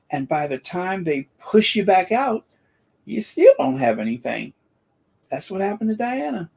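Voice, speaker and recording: A man's voice: on the high side, darkish tone. A man hosting a commentary channel, talking in a sarcastic, rambling monologue full of fillers and restarts.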